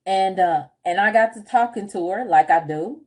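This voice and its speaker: A woman's voice: medium pitch, moderate pace, darkish tone. A woman business coach chatting casually on a livestream, telling stories with frequent laughs and answering viewer comments. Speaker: group home business coach.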